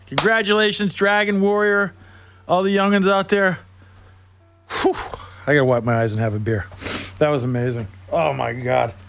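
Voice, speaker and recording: Man hosting, comic story monologue, animated, slightly high voice, faint music behind. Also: gravelly. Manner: animated, laughs through his own story.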